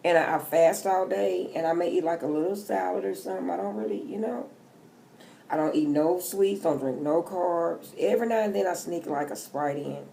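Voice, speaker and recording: Gravelly, low-voiced middle-aged woman chatting. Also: moderate pace, dark tone, slight background noise. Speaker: tarot reader. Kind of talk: casual vlog chat.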